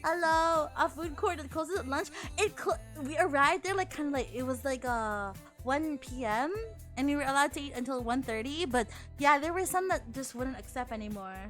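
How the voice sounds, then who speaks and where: A woman from the Philippines, a VTuber streamer chatting casually with her chat, animated and laughing often, with casual swearing. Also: sits high, moderate pace, faint music behind.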